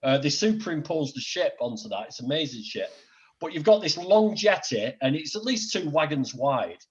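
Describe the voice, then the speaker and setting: Middle-aged Northern English man, podcast guest, high-ish voice, dull lo-fi sound, blunt storyteller. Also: normal speed. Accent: Northern English, Greater Manchester. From Northern England. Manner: blunt, sweary, animated anecdotes. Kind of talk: casual chat, storytelling.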